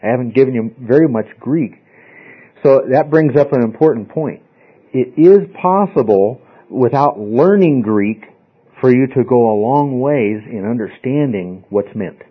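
Husky man teaching a Bible class. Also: medium pitch, lively intonation, a little slow. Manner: emphatic, asks the class questions often. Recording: dull lo-fi recording.

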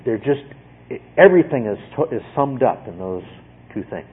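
A man with a somewhat husky voice preaches a teaching sermon, walking his listeners through a point and pausing to check in with a questioning "okay?". The sound is thin and tinny, like a radio broadcast heard over a phone line. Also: mid-range voice, very animated. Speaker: pastor.

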